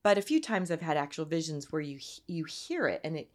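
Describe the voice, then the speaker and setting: A woman telling her personal faith story as an interview guest, earnest and halting, near tears at times. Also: low voice, lively intonation. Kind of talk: emotional personal testimony.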